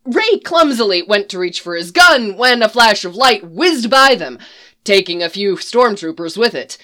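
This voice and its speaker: A woman narrating a fan fiction story in an expressive reading voice. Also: mid-range voice, moderate pace.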